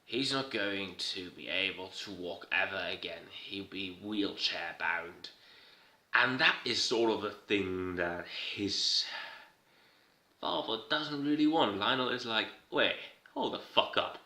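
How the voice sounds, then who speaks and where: A man's voice: low-pitched, takes it slowly, bright, forceful tone. A man giving a casual, irreverent recap, rambling and swearing as he goes. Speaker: video host recapping a TV episode. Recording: roomy echo.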